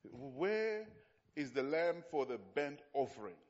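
A man's voice: on the high side, sing-song, slow, darkish tone, lo-fi sound. A man voicing young Isaac, an earnest boy asking his father a question, in a sermon retelling. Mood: anxious asking.

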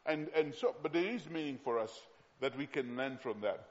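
A man preaching a sermon from Zambia, emphatic and slowing down to repeat key phrases. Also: medium pitch. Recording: long hall reverb, dull sound.

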